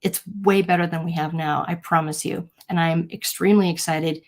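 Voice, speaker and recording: Woman hosting a live talk, kinda low voice, earnest, acts out quotes in her stories. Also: a little fast. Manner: earnest, storytelling, animated quotes. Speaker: host. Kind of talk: live-stream talk to an audience.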